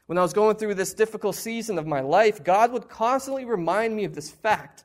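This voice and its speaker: High-voiced, emphatic male preacher. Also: animated, fairly quick, few pauses. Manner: conversational, emphatic, rhetorical questions; shares personal struggles openly. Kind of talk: sermon.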